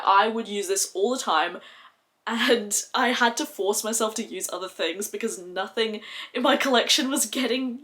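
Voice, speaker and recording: A woman's voice: mid-range voice, a bit bright. A woman beauty vlogger chatting casually and gushingly about makeup, with lots of "like". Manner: gushing, chatty, heavy use of "like". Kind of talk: casual makeup review chat.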